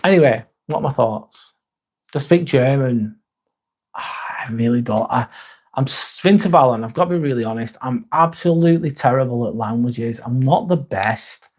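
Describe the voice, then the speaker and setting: A young English man chatting live to his viewers, halting and sincere, often trailing off and starting over. His voice sits at an ordinary middle pitch, and his talk is loose and unscripted. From England. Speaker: livestream host. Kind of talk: casual live-stream chat, reading comments.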